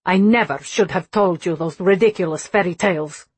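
A woman voicing a cold, proud middle-aged mother with a Russian accent, speaking in a sharp, scornful, clipped way. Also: fairly low pitch, moderate pace, husky, no echo.

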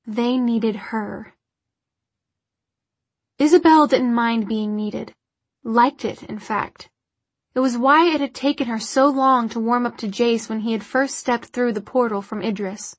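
A woman reading a novel aloud as an audiobook narrator, with quiet restraint and light character voices. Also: fairly high pitch, a little slow, dry recording. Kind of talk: scripted narration.

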